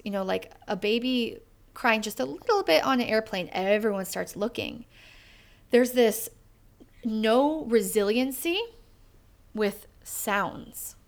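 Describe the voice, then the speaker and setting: A woman hosting an interview, speaking thoughtfully and emphatically and repeating her points for weight. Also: mid-range voice. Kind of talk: conversational interview.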